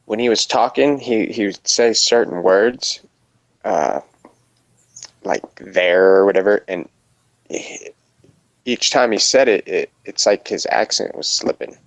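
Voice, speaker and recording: Man on a video call: low gravelly voice with lively swings, crude and mocking, casual chat. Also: measured pace, no room sound, rough recording. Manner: profane, scoffing, laughs often. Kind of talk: casual online hangout chat.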